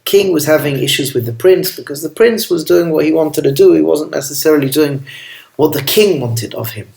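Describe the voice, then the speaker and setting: A rabbi tells a family story as a gentle, affectionate sermon, mixing in Hebrew and Yiddish terms. His voice sits a little high for a man. The recording has a noticeable roomy echo. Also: a little fast, vocal fry.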